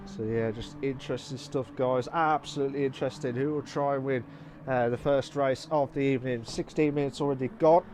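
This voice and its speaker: A man commenting live on a sim race, excitable and repeating phrases, breaking into shouts. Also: medium pitch, brisk, slight background noise.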